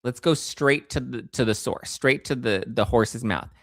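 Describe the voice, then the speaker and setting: A male host giving sarcastic, animated commentary on celebrity news, at times jumping into high squeals. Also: a little slow, dry recording, studio quality. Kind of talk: casual commentary.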